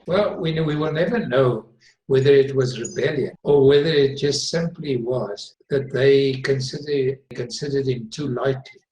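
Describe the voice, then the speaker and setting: An earnest man explains Bible teaching in a relaxed discussion. He leans on words and repeats them for stress. His voice rings in a roomy space with clear echo. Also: mid-range voice, moderate pace.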